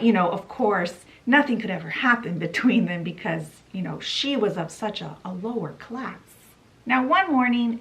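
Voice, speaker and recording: A woman's voice: mid-range voice, fairly bright tone, rough recording. A woman hosting a book channel, summarizing a classic story in a chatty, playful way with dramatic asides.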